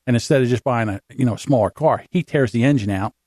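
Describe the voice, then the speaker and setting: A man's voice: medium pitch, fast talker, dry recording, studio quality. A middle-aged man co-hosting a podcast, telling rambling, profane stories in casual chat. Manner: animated storyteller, swears freely. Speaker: podcast co-host.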